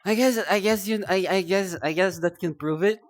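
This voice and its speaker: A woman's voice: mid-range voice, normal speed. A young woman streaming live, chatting casually in a rambling, self-deprecating way, often stumbling over and repeating her words.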